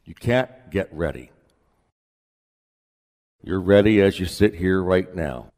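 A man pastor preaching a sermon in a relaxed, conversational way with folksy asides, in a church sanctuary. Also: deep voice, takes it slowly, big-room sound.

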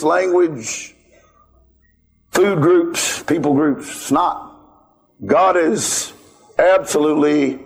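A man's voice: a little high, creaky. A man preaching a sermon, telling a personal story and calling out emphatically to his listeners.

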